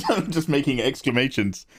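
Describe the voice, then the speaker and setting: A man talking casually to his viewers on a live drawing stream, his pitch leaping up and down whenever something delights him. He swears freely and gets excited easily. His voice sits close on the microphone.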